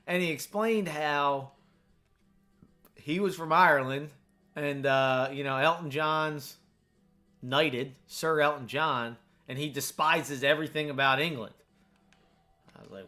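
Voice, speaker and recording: Chatty American male streamer, rambling casual delivery, bright tone, keyboard typing in background. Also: fairly high pitch, a little slow, pauses often, faint music behind. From United States. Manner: rambling, chatty, full of fillers. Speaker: gaming streamer. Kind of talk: casual chat while playing a game.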